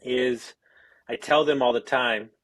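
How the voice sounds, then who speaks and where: A man's voice: medium pitch, steady tone, slow pace, a bit bright, dry recording. A man hosting a podcast as a life coach, speaking bluntly and directly and swearing casually. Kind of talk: conversational podcast talk.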